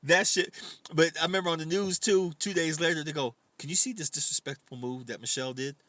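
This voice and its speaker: Teasing, profane podcast host. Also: male voice, on the high side, fast, fairly bright tone, no room sound. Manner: profane, teasing, laughs often. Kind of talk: casual comedic chat.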